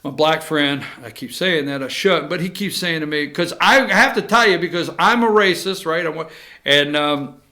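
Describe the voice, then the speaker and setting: A man hosting a talk show, giving animated, sarcastic commentary with asides to his producer. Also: on the high side, normal speed. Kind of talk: casual commentary.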